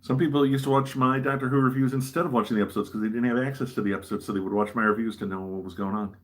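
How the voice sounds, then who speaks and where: A man's voice: mid-range voice, steady tone, rapid-fire. A man hosting a livestream, chatting casually while he builds a model, rambling and poking fun at himself. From American Midwest. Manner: rambling, self-deprecating. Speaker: livestream host.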